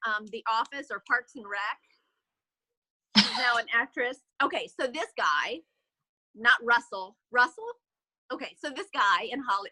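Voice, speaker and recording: Woman, sales director, motivational storyteller, animated, dry video-call sound. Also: fairly high pitch, dry recording, rough recording. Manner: animated, filler-heavy storytelling.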